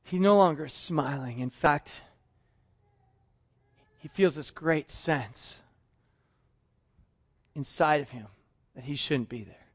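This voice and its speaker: A middle-aged man preaching a sermon, telling a story in a lively way and acting out the dialogue. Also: on the high side, slow pace, long pauses, slightly rough, lo-fi sound. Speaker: pastor.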